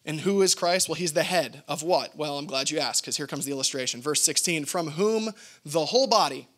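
A man's voice: on the high side, brisk. A man from Texas preaching a sermon, playful and joking as he teaches a grammar point from scripture. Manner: playful, lively teaching with jokes. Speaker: pastor.

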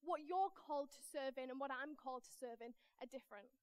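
A woman with a Northern English accent preaching a lively storytelling sermon in church, acting out the voices in her anecdotes. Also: high-pitched, a little fast, dry recording. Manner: animated, acts out voices in anecdotes.

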